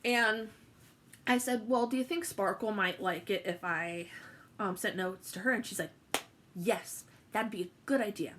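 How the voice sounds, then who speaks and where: A woman's voice: mid-range voice, measured pace, a bit bright, a little hiss or hum. A young woman telling a personal story to camera, chatty and emotional, with many fillers and restarts. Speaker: vlogger.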